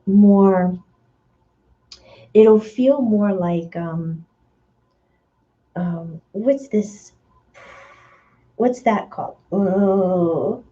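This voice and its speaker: A woman medium giving a spiritual energy reading, talking in a dreamy, searching way with many fillers and now and then acting out voices in sudden high bursts. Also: extremely slow, long pauses, warm tone, dull audio.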